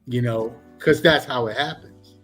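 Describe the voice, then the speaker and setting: A middle-aged man and former police officer, a guest on a talk show, explaining in an animated, preachy way with many examples. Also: mid-range voice, unhurried, breathy edge, soft background music. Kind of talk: casual talk show discussion.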